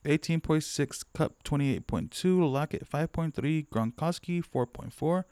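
Male co-host, deadpan quips, casual stat recap, smooth and dry. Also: fairly high pitch, unhurried, dry recording. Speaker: podcast co-host. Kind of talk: casual fantasy football recap.

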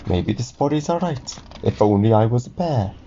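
A man voicing a small, lonely sock boy in a storybook reading, in a high, plaintive voice. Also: expressive, normal speed, dark tone, highs cut off, slight background noise, lightly acted. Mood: wistful.

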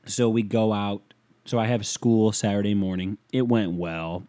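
A man's voice: on the low side, steady tone, measured pace, warm tone, no echo. A young man hosting a solo podcast, rambling through stories in a laid-back, profane way. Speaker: podcast host. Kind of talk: casual solo chat.

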